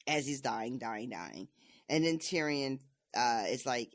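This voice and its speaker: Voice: mid-range voice, animated, slow, no echo. A podcast co-host casually recapping book chapters, laughing often.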